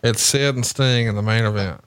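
Bright, teasing male podcast co-host. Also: medium pitch, moderate pace, clean tone, dry recording. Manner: joking, teasing, profane. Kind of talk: casual podcast chat, mock commentary.

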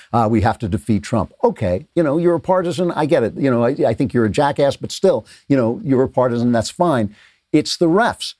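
Mellow-voiced, sarcastic male commentator. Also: mid-range voice, no room sound, clean studio sound. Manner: sarcastic, emphatic, with rhetorical questions. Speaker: political commentary host. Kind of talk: opinionated commentary monologue.

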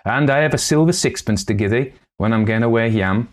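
A man lifts his voice into a giddy young farm girl from the northern moors, speaking thick Northern English dialect. She rushes through her tale, eager and starry-eyed, in a voice pitched well above his usual low tone. A storybook reading with bright excitement. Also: lightly acted. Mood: pleading. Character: Laura, eager foolish young country girl.

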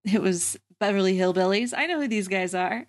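A woman's voice: mid-range voice, moderate pace. A young woman co-hosting a podcast, chatting casually about a movie, laughing often and saying "like" a lot. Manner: giggly, lots of "like" and laughter. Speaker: podcast co-host.

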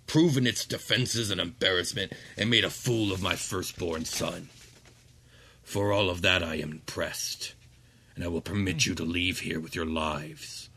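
A towering ancient demon lord, put on by a man, cold and commanding, speaking slowly and gravely in a low voice. He sounds imperious and never hurried, in a tabletop game. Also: steady tone, bright, forceful tone, heavily acted. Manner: slow, grave, imperious delivery.

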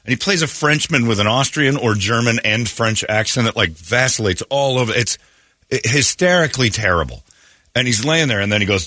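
Animated bright-voiced male radio host. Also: mid-range voice, brisk, no room sound, studio quality. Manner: animated, joking, laughing storyteller. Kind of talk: casual radio banter. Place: radio studio.

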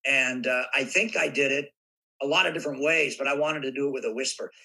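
A man telling animated stories in a casual interview, acting out bits of dialogue as he goes. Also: medium pitch, fairly quick, husky, low-quality recording. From United States. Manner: animated raconteur, acts out voices in anecdotes. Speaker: guest actor. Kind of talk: casual interview chat, storytelling.

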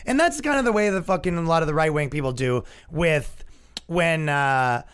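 Animated, profane male comedian host. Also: fairly high pitch, normal speed, clean tone. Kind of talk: casual podcast rant.

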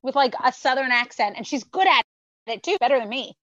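A woman's voice: sits high, brisk, no echo. A woman from Canada in her thirties, a mother chatting and teasing as a podcast guest. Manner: chatty, teasing, animated storyteller. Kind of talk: casual chat. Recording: dull, dry remote call audio.

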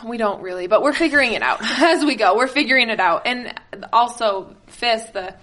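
A woman's voice: a little high, lively intonation, moderate pace, a bit bright. A woman in her twenties chatting as a guest, laughing often and restarting her sentences. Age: 20s. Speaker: guest, pro skier. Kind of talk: casual chat.

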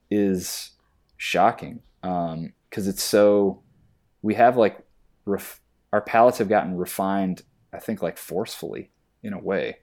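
A man, an actor, chatting casually and acting out stories in mocking voices. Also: fairly low pitch. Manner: animated storytelling, acts out exchanges in mocking voices. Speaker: actor on a podcast. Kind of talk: casual chat.

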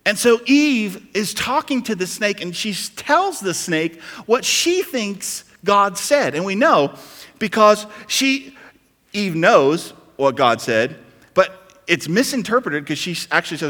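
Male pastor, high and bright timbre, emphatic sermon delivery, reverberant sanctuary. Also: big pitch swings, unhurried. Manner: preaching with rising emphatic intensity.

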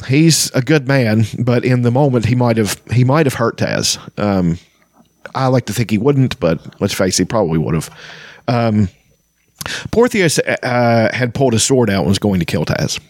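Halting man reading and chatting, dry sound. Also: mid-range voice, animated, a little mellow, no echo. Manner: halting, many ums and restarts. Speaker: podcast host discussing a fantasy novel. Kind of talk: reading aloud and casual commentary.

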